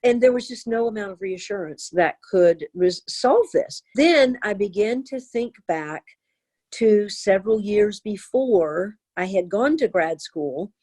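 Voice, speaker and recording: Older female therapist, interview guest, earnest storyteller, mid-pitched. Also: a little slow. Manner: earnest, animated storytelling with acted quotes. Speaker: therapist and author.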